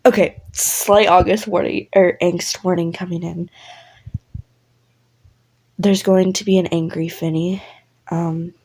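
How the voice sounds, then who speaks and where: A woman narrates a listener role-play story in a loose, rambling way, piling on fillers, swearing, and apologies. Her voice sits low, with a gravelly, husky texture and a dark, mellow tone. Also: flat delivery, takes it slowly, long pauses, poor audio.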